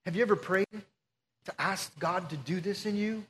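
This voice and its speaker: A man's voice: sits high, moderate pace, a bit bright, slight background noise. A male pastor, preaching a sermon in an earnest, pleading, conversational way.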